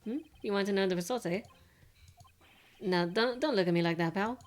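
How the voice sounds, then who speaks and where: Give me a woman voicing a blustery male police detective, loud and brusque, reading game lines. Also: mid-range voice, a little fast, natural voice. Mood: stern. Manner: calls everyone pal, brash and blunt. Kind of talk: reading game dialogue aloud.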